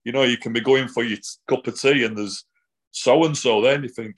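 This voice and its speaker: A man's voice: mid-range voice, brisk, husky. A middle-aged man, telling his story in a casual interview, with frequent restarts, fillers and blunt swearing. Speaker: guest. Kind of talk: casual interview, personal account.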